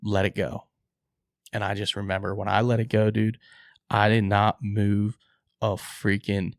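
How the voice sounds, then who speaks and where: A man co-hosting a podcast, excitedly telling a hunting story, acting out his own quotes and swearing casually. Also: lowish voice, vocal fry, no echo, studio quality.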